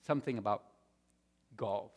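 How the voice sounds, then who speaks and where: A man preaching a sermon as pastor, stressing points loudly and then dropping to quiet asides. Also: lowish voice, moderate pace. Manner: emphatic, swings between loud stresses and quiet asides. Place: church sanctuary. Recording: long reverb of a large hall.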